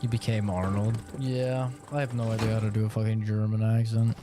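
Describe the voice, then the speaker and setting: A man's voice: on the low side, flat delivery, a little fast, over music. A man streaming a video game, giving live commentary full of profane jokes and banter aimed at the characters on screen. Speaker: gaming streamer.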